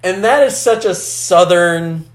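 A man's voice: sits high, unhurried, reverberant. A man co-hosting a casual chat about a film, rambling, swearing freely and acting out characters. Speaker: podcast co-host.

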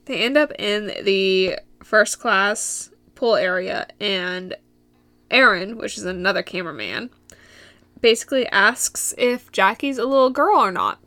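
Giggly rambling woman, bright dry voice. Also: mid-range voice, animated, measured pace, no room sound. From Michigan. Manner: giggly, rambling, goes off on tangents. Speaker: podcast host. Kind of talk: solo podcast recap, casual chat.

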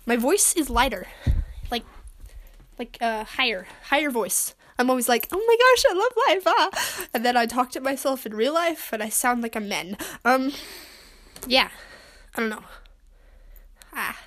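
A woman's voice: a little high, measured pace, pauses often, fairly bright tone. A young woman from Utah hosting a solo podcast from her bedroom, chatting in a rambling, awkward, self-deprecating way. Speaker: podcast host.

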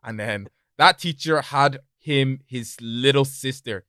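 A young man talks casually with friends, telling school stories in a bright, forceful voice. He drops to a mumble, then bursts out loud and laughing. The sound is dry and close. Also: medium pitch, takes it slowly, no echo. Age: young adult. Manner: animated storyteller, swings from mumbling to loud laughing outbursts. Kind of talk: casual chat.

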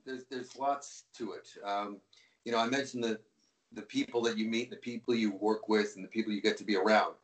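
Rambling hockey broadcaster telling stories. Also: male voice, fairly low pitch, fairly quick, roomy sound. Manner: relaxed, rambling with frequent restarts. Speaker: hockey play-by-play broadcaster, guest. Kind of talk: anecdotal interview storytelling.

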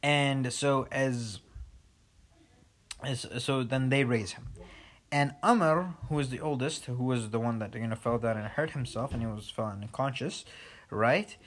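A man's voice: mid-range voice, a little slow. A man casually retelling a sad film plot, rambling, with many fillers and restarts.

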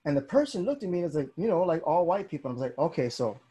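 Man, podcast host, husky voice, slightly high pitch, casual animated storytelling. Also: very fast. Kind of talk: casual conversation.

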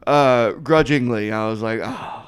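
A man hosting a podcast, telling crude stories in casual chat and laughing loudly. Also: mid-range voice, moderate pace. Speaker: podcast host.

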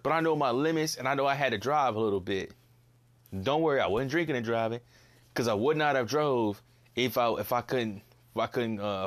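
Blunt, exasperated young man ranting. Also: mid-range voice. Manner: blunt, exasperated, repeats himself, swears freely. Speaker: podcast host. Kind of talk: casual solo commentary.

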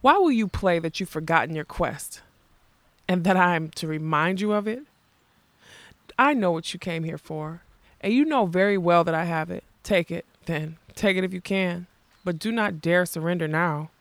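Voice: mid-range voice, a bit bright, dry recording, lightly acted. Reader voicing a grim, bitter old king. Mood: stern, scornful. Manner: slow, stern, measured delivery. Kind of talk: audiobook character reading.

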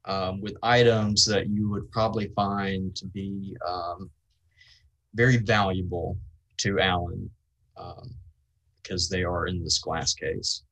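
A man with a fairly low voice narrates a tabletop game as its game master. He describes the scene slowly and deliberately, filling pauses with ums. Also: steady tone, a bit bright, rough recording. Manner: slow, descriptive, with frequent ums.

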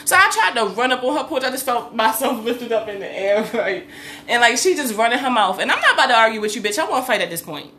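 A middle-aged woman holding forth in a casual podcast chat, all swearing and bluster, jumping into the voices of the people in her story. Her tone is bright and forceful, and there is a faint room hum behind her. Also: on the high side, quick pace. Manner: animated, profane, acts out quotes loudly. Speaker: podcast co-host.

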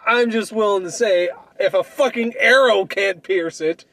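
Stubborn young man, high voice. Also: normal speed, a bit bright. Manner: stubborn and swearing. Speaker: debater. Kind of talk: heated comedic argument.

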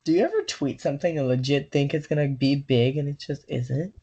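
A woman's voice: low voice, fairly quick, warm tone, husky. Joking young woman on a muffled call. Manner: jokey, spins silly hypotheticals. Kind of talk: casual chat. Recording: dull lo-fi call line.

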